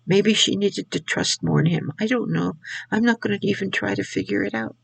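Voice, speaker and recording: An older woman shares her faith testimony, slowly and haltingly, often repeating herself. Her voice is gravelly and a little husky. It is recorded close and dry. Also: mid-range voice, no room sound, poor audio. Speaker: Christian video speaker.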